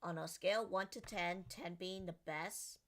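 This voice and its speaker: A woman's voice: on the low side, unhurried. A woman streamer chatting casually and giggling with her chat while playing a game. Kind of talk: casual gameplay commentary.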